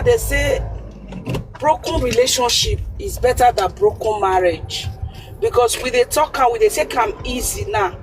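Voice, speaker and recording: A woman's voice: medium pitch, background noise. Earnest Nigerian Pidgin-speaking woman caller. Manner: earnest, repeats points for emphasis. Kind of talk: call-in advice.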